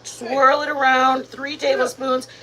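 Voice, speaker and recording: A woman's voice: high voice, flat delivery, measured pace, sharp tone, poor audio. A woman hosting a live cooking stream from her home kitchen, chatting in a rambling way and talking to viewers as "you guys". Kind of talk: casual live-stream chat while cooking.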